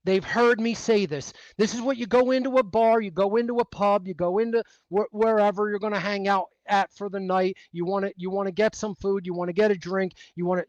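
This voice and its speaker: A man rants in a high voice, swearing and hammering his points home. The sound is dry and close, with no room around him. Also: no room sound, low-quality recording. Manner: profane, emphatic ranting. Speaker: interview guest. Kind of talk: heated monologue.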